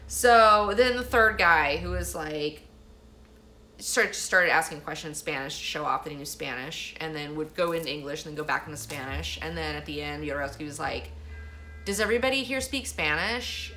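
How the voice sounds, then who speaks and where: Bright-voiced woman, rambling profane vlogger. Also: low-pitched, steady tone, moderate pace, a little hiss or hum. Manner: rambling, profane, heavy use of "like". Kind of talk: casual storytelling monologue.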